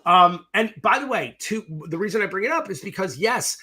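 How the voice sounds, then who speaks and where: A middle-aged man tells stories from his film career with a bright, forceful tone and a lively voice that swoops up and down. He is profane and animated, acting out both sides of each conversation. He sits somewhat high for a man. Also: fairly quick, breathy edge. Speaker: film director, interview guest. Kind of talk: animated storytelling in a casual interview.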